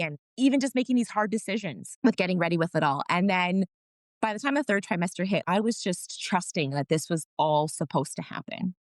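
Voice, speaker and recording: A woman's voice: fairly low pitch, no echo. Candid, earnest woman guest. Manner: earnest and emotional, laughs often, frequent restarts. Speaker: podcast guest, mother of four. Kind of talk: candid conversational storytelling.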